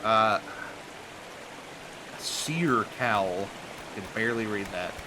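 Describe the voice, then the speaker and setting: A man's voice: on the low side, takes it slowly, noisy background. A man streaming a game live, joking, swearing and muttering to himself as he plays. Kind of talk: live gameplay commentary.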